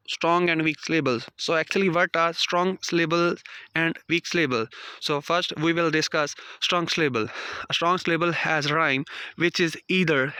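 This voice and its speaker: In a smooth, bright, pushed voice on the higher side, a man delivers a read-aloud lecture, working through definitions and numbered points like a prepared lesson. His phrasing is non-native, and the recording is dry.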